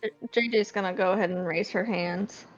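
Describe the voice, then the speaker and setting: A woman playing in a tabletop game, asking halting, hesitant questions over dull, lo-fi audio. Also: medium pitch, fairly even intonation, faint music behind. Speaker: player.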